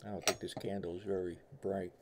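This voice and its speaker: A deep, level, brisk voice comes through a very noisy recording: a middle-aged tarot reader with a New York–Southern accent blend. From home, he hosts a livestream, rambling folksily in casual chat with his viewers.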